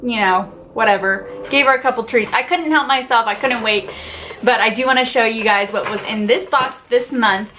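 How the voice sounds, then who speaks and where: A woman's voice: fairly high pitch, normal speed, bright, forceful tone, a little hiss or hum. A woman vlogger gushing in a casual haul and unboxing video, chatty and full of fillers like "like" and "just".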